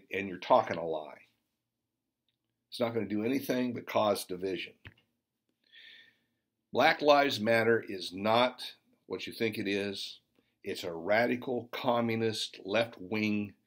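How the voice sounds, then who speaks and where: Male preacher, emphatic fervent sermon, low voice, husky tone. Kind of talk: sermon testimony.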